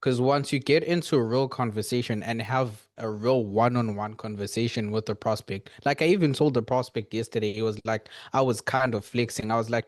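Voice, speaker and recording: A man's voice: mid-range voice, brisk, hardly any pauses, no echo, clean studio sound. A man on a group coaching call, speaking earnestly and rambling, with frequent restarts. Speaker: coaching client.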